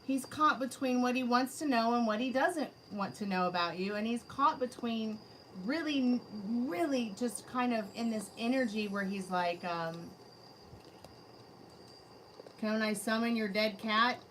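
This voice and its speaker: A woman's voice: fairly high pitch, moderate pace, fairly bright tone, a little hiss or hum, poor audio. A woman giving a live-streamed tarot reading, chatting casually and addressing spirits and her chat directly. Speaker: tarot reader. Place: her home.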